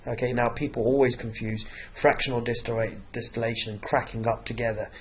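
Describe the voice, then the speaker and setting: A man with a croaky voice from a cough, teaching an exam revision lesson and peppering his talk with "okay". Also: mid-range voice, flat delivery, fairly quick, few pauses. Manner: repeats "okay" and "obviously" often.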